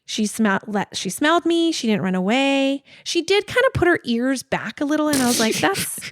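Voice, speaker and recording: A woman in her forties, co-hosting a podcast and telling a story in a casual, animated way full of "like.". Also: sits high, a little fast, no echo, clean studio sound. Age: 40s. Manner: animated storytelling, many "like" fillers. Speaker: podcast co-host. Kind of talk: casual chat.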